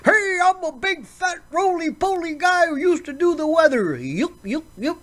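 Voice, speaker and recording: A woman's voice: extremely high pitch, animated, normal speed, voice pushed up. A woman putting on the voice of a jolly, goofy male TV weatherman who keeps chuckling "yuck yuck" and mocks himself.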